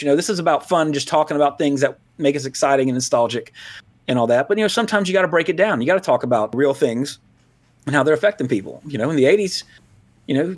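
A man co-hosting a podcast, chatting casually and going off on tangents, laughing often and restarting his sentences. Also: a little high. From Louisiana, US. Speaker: podcast co-host. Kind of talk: casual rambling podcast chat.

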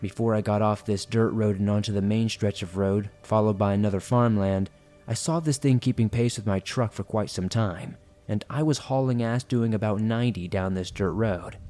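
Low-ish guy reading creepy stories, suspenseful, soft music underneath. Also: normal speed. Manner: suspenseful storytelling. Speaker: horror story narrator. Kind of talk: dramatic reading of listener horror stories.

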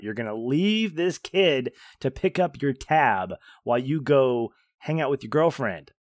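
A man co-hosting a film podcast, chatting in a relaxed way and laughing between points. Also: medium pitch, moderate pace, dry recording, studio quality. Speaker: podcast co-host. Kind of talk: casual film discussion.

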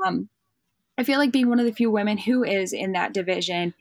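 A woman's voice: mid-range voice, fairly quick, creaky, dry recording. A young woman, a guest on a podcast, chatting casually and animatedly acting out the dialogue in her stories. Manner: lively storyteller acting out quoted dialogue. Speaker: podcast guest, bird dog handler and hunting guide. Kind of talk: casual chat.

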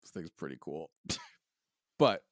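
A man's voice: extremely low pitch, sing-song, a little slow. A man co-hosting a podcast in casual chat, easygoing and laughing often. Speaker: podcast co-host.

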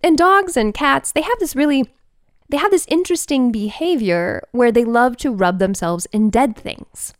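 A woman podcast host telling a personal story in an animated, expressive way, with big swings in pitch and pace. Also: normal speed, no room sound, studio quality.

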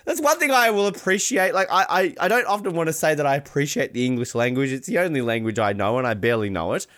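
Talking fast with few pauses, a podcast host with a fairly bright, expressive, higher-pitched voice rambles and jokes through casual comedic chat. He laughs often and breaks into silly voices, recorded in studio quality with no room sound.

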